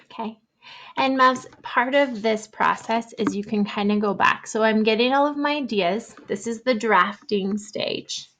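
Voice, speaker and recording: A young adult woman teacher giving an online writing lesson to young children, thinking aloud in a gentle, encouraging way. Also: a little high, measured pace.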